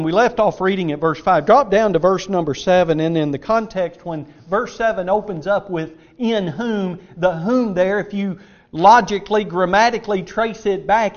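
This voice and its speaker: A man's voice: sits high, dull audio. A man preaching a sermon in an auditorium, emphatic, repeating words for stress as he quotes scripture.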